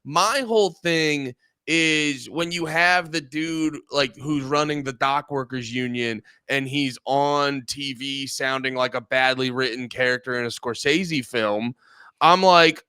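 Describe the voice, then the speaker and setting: A man's voice: mid-range voice, a little slow, pushed and bright, clean tone, dry recording. A man hosting a podcast, rambling in casual chat with lots of swearing and acted-out quotes. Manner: rambling, profane, acts out quotes. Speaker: podcast host.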